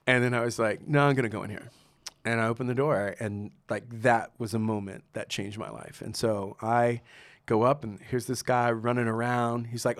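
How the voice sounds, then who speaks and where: A middle-aged man tells a long story as a podcast guest, relaxed and chatty. He acts out the voices of the people he quotes and breaks into laughter often. His pitch sits in the middle for a man. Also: normal speed, no room sound. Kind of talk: casual storytelling interview.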